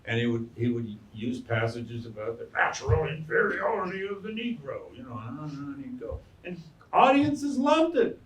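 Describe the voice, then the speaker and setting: A man, a historian and biographer, answering audience questions in an animated, storytelling way and acting out quotes. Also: mid-range voice, fairly quick, few pauses, a little hiss or hum. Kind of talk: lecture Q&A answer. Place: lecture hall. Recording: echoey room, mic far off.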